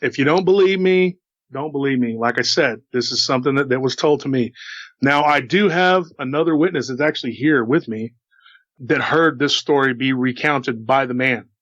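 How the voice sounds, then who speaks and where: Casually passing along a paranormal story he once heard, a man chats, repeats himself, and turns aside to address the listener. His mid-range voice is a bit bright at a moderate pace, with no room sound and a dull, somewhat lo-fi dry quality.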